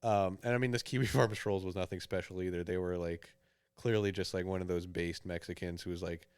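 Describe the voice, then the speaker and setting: Rambling laughing podcast host, low voice. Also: male voice, steady tone, fairly quick, clean tone, no room sound, clean studio sound. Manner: rambling, laughing through his lines. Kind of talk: casual chat.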